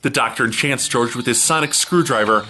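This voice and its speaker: A man hosting a comedy review show, giving a snarky, deadpan recap narration. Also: mid-range voice, brisk.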